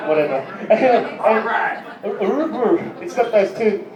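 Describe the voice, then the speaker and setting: A middle-aged man doing a rambling, profane stand-up set, laughing as he tells his stories. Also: sits high. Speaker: stand-up comedian. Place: live music club stage. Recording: echoey dull club recording.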